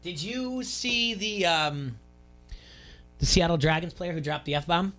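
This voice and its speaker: A man's voice: fairly high pitch, measured pace, pushed and bright, faint music behind. A man co-hosting a local sports talk radio show, teasing his partner in casual banter. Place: radio studio.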